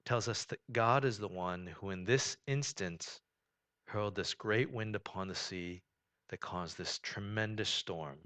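Bright-voiced male preacher. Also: on the low side, a little slow. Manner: conversational preaching, rising and falling in volume, frequent "you know". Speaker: pastor. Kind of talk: sermon.

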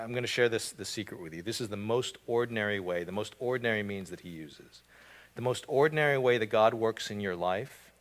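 A man's voice: on the low side, fairly bright tone. A man preaching a casual sermon, with frequent fillers and repeated words. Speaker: pastor. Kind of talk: conversational sermon.

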